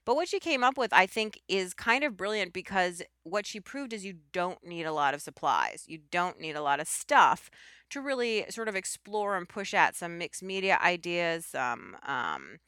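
A woman's voice: on the low side, big pitch swings, normal speed, pushed and bright, clean tone, dry recording, studio quality. A woman hosting a crafting podcast, chatting casually with enthusiasm and rambling asides. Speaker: podcast host. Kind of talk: casual chat.

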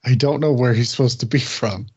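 A man co-hosting a podcast in casual chat, laid-back and hesitant, pausing with fillers. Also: medium pitch, a little mellow, husky, lo-fi sound. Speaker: podcast co-host.

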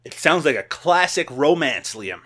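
A man hosting a comedy movie podcast, playful and quick to laugh. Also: fairly high pitch. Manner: animated, laughs often, playful. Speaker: podcast host. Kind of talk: casual banter and movie recaps.

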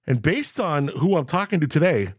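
A man's voice: fairly high pitch, big pitch swings, normal speed, breathy edge, no echo, studio quality. A man hosting a casual radio show, joking with himself in playful asides. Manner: playful, self-mocking, jokey asides. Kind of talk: casual morning radio chat.

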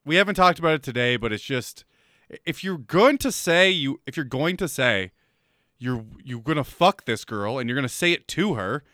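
A man co-hosting a podcast, joking crudely and laughing loudly, mocking his friends. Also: mid-range voice, expressive, normal speed, no room sound, studio quality. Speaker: podcast co-host. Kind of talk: crude casual banter.

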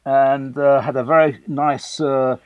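A man's voice: mid-range voice, flat delivery, slow, dry recording, phone-quality sound. Older English man, guest raconteur, conversational and rambling, dry close recording. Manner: anecdotal, chatty with frequent fillers and restarts. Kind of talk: conversational storytelling.

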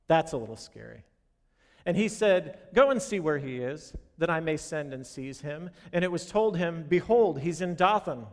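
A man in his thirties, a pastor, giving a sermon in a conversational, storytelling manner, acting out quoted lines in a lowered voice. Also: expressive, moderate pace. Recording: long reverb of a hall.

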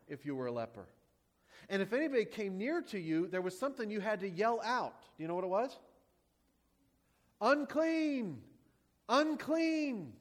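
A man preaching a sermon as a pastor, praying and then teaching with rhetorical questions and emphatic repetition. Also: high voice.

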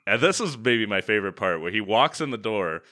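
A man co-hosting a podcast, casually recapping a film with animated storytelling and sudden loud impressions. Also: on the low side, brisk. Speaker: podcast co-host. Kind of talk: casual movie recap chat.

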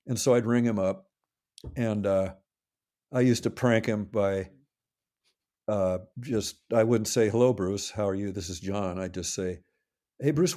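Low-ish and mellow, this older man's voice carries long, loose anecdotes through a casual interview. He often stops to correct himself and repeats what others told him.

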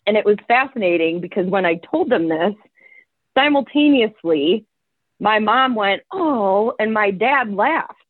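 A woman's voice: mid-range voice, unhurried, dry recording. A woman being interviewed as a coach, telling stories and acting out what people said. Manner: animated, acts out quotes. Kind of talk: casual storytelling. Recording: tinny phone-like line, dry.

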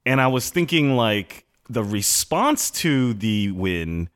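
A male podcast co-host chats casually in a slow, medium-pitched voice, rambling in an animated way and acting out quotes.

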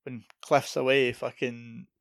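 A Scottish man talking films in a relaxed, easygoing way, often answering with a quick "aye". His voice has a gravelly, fry-laden edge. He adds details to the story in short bursts. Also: mid-range voice, no echo, studio quality. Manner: relaxed, chiming in with short agreements. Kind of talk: casual film chat.

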